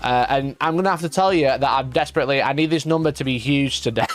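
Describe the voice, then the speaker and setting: A man's voice: mid-range voice, quick pace, faint music behind. A man hosting a casual live stream, rambling through a story and swearing freely. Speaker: streamer host. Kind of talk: casual livestream chat.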